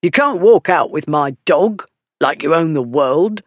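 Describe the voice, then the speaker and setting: A narrator voicing a drunken, blustering man who shouts in coarse dialect in an audiobook. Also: fairly high pitch, animated, measured pace, no room sound, muffled recording. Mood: angry shouting. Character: drunken brutish male dog owner, blustering. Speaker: story character.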